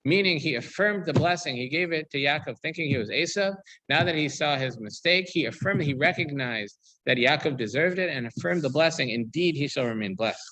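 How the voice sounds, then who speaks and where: A man's voice: fairly high pitch, animated, fairly quick, sharp tone, dry recording, poor audio. A man, a rabbi, teaching a weekly Torah class, reading verses aloud and explaining them while he thinks aloud with many ums and restarts.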